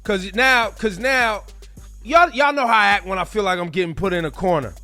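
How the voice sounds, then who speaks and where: A man hosting a morning radio show in the studio, with a voice sitting a little high for a man. He talks in an emphatic, animated way and circles back over his own phrases, with faint music under the talk. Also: normal speed. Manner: animated, emphatic, repeats himself. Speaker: radio host.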